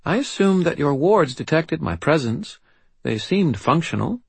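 A man's voice: a little high, a little slow, vocal fry, breathy edge, dry recording, pitched above the performer's own voice, heavily acted. A man voicing a serious, eerily composed little girl of about seven with a faint British accent, speaking steadily and formally. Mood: solemn, formal. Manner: steady, assured, formal and solemn.

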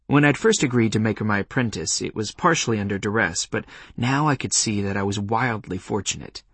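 A man narrating an audiobook in the first person, with wry, expressive storytelling. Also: on the low side, brisk, breathy edge, no room sound.

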